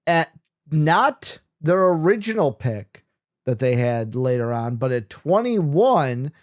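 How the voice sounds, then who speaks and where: A man hosting a casual sports chat, his voice sitting a little higher than most men's. He keeps things loose and joking and lets the odd swear slip. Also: sing-song, takes it slowly. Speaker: host.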